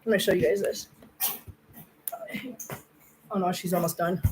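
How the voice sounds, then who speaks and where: A middle-aged woman with a fairly low, steady voice speaks at a normal pace over a noisy background. She hosts a cat channel livestream, reading viewer comments in casual chat. Her manner is earnest and effusive, turning emotional when she praises her viewers.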